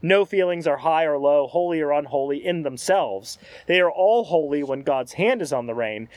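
A man reading aloud as the calm spirit of a redeemed man, patient and earnest. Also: on the high side, moderate pace, dry recording, natural voice. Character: calm redeemed man's spirit, gently correcting. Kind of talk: read-aloud scene in a sermon.

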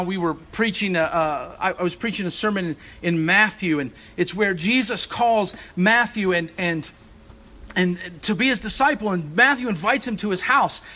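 A man with a high, sharp-toned voice preaches a sermon as a church's assistant rector. He is earnest and searching, often restarting his phrases and using fillers.

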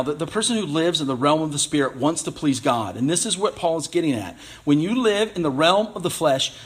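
A man's voice: on the high side, slightly rough. A man in his thirties, a pastor, preaching an earnest, conversational sermon with restarts and wry asides.

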